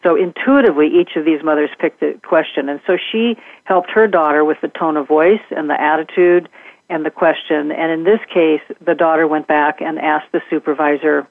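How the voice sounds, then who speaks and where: Gentle, reflective woman on a phone line. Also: low voice, steady tone, moderate pace, no echo. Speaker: guest communication trainer. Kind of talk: conversational interview. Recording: dry tinny phone line.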